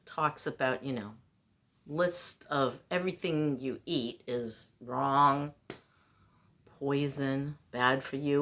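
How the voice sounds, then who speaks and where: A woman's voice: rumbling low, fairly even intonation, takes it slowly, fairly bright tone. A woman vlogger delivering a rambling, exasperated, self-mocking monologue.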